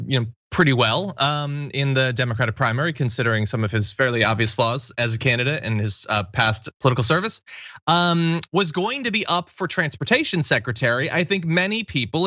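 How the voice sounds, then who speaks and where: A man in his thirties hosting a casual political commentary show, talking in a wry, animated way. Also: medium pitch, no room sound, dull audio. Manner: wry, animated, mocking impressions. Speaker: news commentary host.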